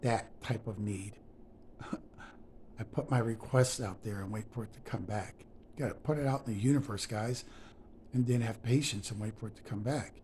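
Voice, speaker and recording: A man's voice: mid-range voice, a little mellow, slight background noise. Emphatic preachy man giving a pep talk. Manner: preachy, emphatic, addresses viewers as guys. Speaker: motivational speaker. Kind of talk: motivational monologue.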